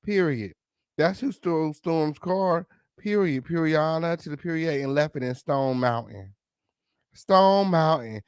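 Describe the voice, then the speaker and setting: Brash, foul-mouthed gossip host, dry sound. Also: male voice, fairly high pitch, animated, measured pace, clear, resonant tone, dry recording. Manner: brash, sassy, swearing, repeats "okay" and "period". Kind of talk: profane celebrity gossip commentary.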